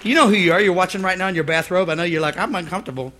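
A man preaching a lively sermon, calling for amens and acting out the voices of the people in his stories. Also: sits high, rapid-fire, slight background noise. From United States. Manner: lively preaching, calls for amen, acts out voices. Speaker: pastor.

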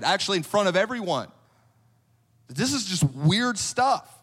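High-voiced man preaching in a reverberant hall. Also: a bit bright. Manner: casual storytelling, acting out quoted reactions. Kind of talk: sermon.

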